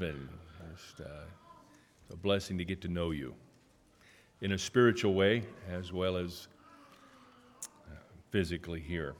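A man with a fairly low voice preaches to a church. He speaks haltingly, with fillers and restarts, then reads scripture one loud, stressed phrase at a time. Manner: emphatic, rising to loud stressed phrases when reading scripture. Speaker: guest preacher. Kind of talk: sermon with call-and-response reading.

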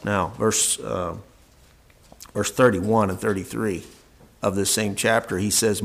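A man's voice: lowish voice, fairly even intonation, slow pace, creaky, pauses often, a little hiss or hum. A man preaching a sermon, reading old-fashioned scripture verses aloud and then explaining them in plain words with frequent restarts.

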